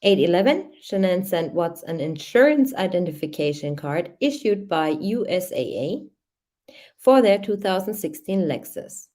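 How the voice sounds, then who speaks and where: A woman's voice: fairly low pitch, big pitch swings, normal speed, dark tone. A woman hosting a true crime channel, reading a case timeline aloud and adding hesitant comments with many fillers.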